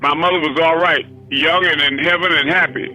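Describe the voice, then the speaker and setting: Guy telling his vision story, real high and bright voice, plain folksy talk, repeats words a lot. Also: steady tone, a little fast, soft background music, low-quality recording. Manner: plainspoken, colloquial, repeats himself. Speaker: spiritual teacher. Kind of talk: recounting a vision in a call-in meeting.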